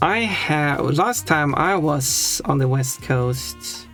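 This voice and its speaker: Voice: mid-range voice, lively intonation, slow, fairly bright tone, faint music behind. A streamer from Sweden, chatting casually on a live stream, rambling and restarting sentences, laughing now and then at their own points.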